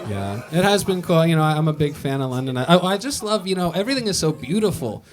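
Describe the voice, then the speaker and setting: A young American man doing a stand-up set in a comedy club on a boat, wry and deadpan, laughing along with the crowd. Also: on the high side, fast talker. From United States.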